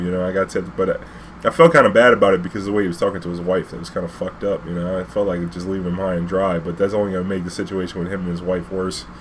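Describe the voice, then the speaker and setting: A man's voice: low-pitched, slight background noise. A man, a cab driver telling a casual, rambling anecdote full of fillers and swearing.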